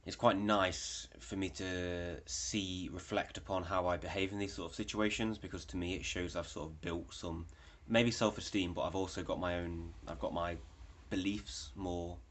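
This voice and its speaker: A man's voice: deep voice, steady tone, normal speed, few pauses, fairly bright tone. A young man telling a story in a rambling, casual way, with lots of fillers and swearing. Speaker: vlogger.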